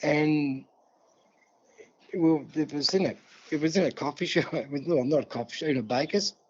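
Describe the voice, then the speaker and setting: An older man from New South Wales with an Australian accent, telling a long story in a relaxed interview and acting out the dialogue. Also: on the high side, moderate pace, breathy edge. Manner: yarning, acts out dialogue, many "see?" and "mate". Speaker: guest elder. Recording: dull lo-fi sound.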